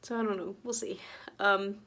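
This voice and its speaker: A woman's voice: mid-range voice, level tone, moderate pace, gravelly, bright, forceful tone. A woman giving an earnest, emotional and chatty reaction vlog, laughing often as she talks. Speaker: movie reaction vlogger.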